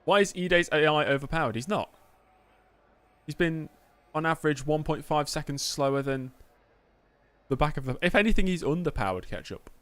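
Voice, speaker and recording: A man's voice: a little high, lively intonation, moderate pace, fairly bright tone, clean tone, no echo. A man streaming live gameplay of a racing game, chatting and joking as he answers messages from his chat.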